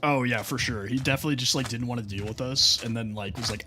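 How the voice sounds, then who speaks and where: A man's voice: medium pitch, quick pace, bright, forceful tone, slight background noise. An American man streaming a game while chatting casually, telling loose stories peppered with "like" and "bro". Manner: loose storytelling full of "like" and "bro". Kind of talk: casual chat while gaming.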